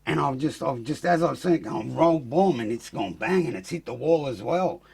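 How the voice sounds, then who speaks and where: A man with an Australian accent telling his story as a podcast guest, blunt and profane, growing animated as he acts out fights. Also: medium pitch, moderate pace, creaky, a crowd in the background. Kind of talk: casual storytelling.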